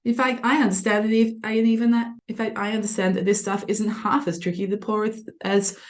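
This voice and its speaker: A woman's voice: mid-range voice, level tone, fairly quick, voice pushed up, close to an everyday voice. A woman reading aloud the part of a casual young male soldier who brushes off a comrade's worries. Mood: offhand.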